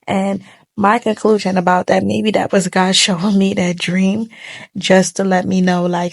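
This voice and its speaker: Speaking to a phone camera, a young woman tells a sad personal story in casual, colloquial speech, tearful and heartfelt as she holds back tears. Her mid-range voice has vocal fry and little pitch movement, and she takes her time in this emotional storytime monologue.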